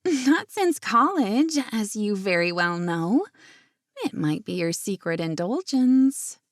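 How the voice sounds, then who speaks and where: A woman voicing an excitable, gossipy young woman friend who teases and chatters in a lifted voice. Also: slow pace, no room sound, clean studio sound. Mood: teasing. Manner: teasing, bubbly, raised pitch.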